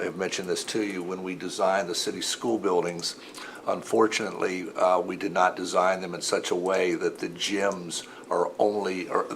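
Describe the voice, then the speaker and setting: A low, flat-voiced man puts a question to the meeting, hesitant and careful, with many fillers. Faint noise sits behind him. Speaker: council member.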